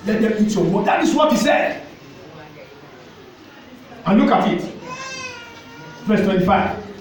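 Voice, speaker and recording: High-voiced Nigerian pastor preaching in an echoing hall. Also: male voice, expressive, measured pace, slight background noise. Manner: exhorting, switches into pidgin, repeats phrases. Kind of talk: sermon. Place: church hall. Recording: echoey church hall, mic at a distance, faint ambience.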